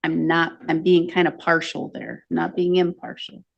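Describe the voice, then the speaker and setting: A woman's voice: fairly low pitch, little pitch movement, moderate pace, creaky, highs cut off. A woman judge presiding over a courtroom hearing, speaking firmly and formally as she administers oaths.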